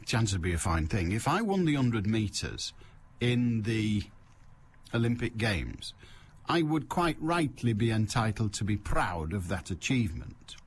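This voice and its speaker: A man's voice: fairly low pitch, sing-song, a little slow, slight background noise. A man hosting a call-in radio show, chatting in a wry, rambling way full of joking asides. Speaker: radio phone-in host.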